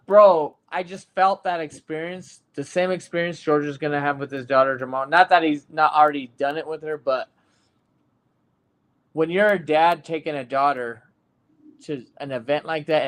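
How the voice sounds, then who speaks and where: A man hosting a casual sports podcast, telling a story in an animated way with plenty of fillers. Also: on the high side, moderate pace. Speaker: podcast host.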